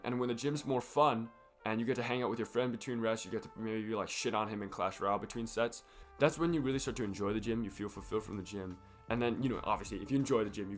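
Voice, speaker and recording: A young man with a croaky, sick voice, rambling casually and profanely to camera in a fitness vlog. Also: fairly low pitch. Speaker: fitness vlogger.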